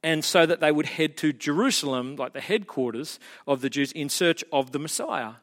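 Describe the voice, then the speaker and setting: A man preaching a sermon as a pastor, telling the story in an animated way and building to emphatic peaks. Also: on the high side, moderate pace, long reverb tail.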